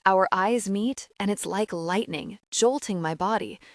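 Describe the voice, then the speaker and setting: A woman reading a first-person audiobook with expressive, lively narration. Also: mid-range voice, measured pace, dry recording, studio quality.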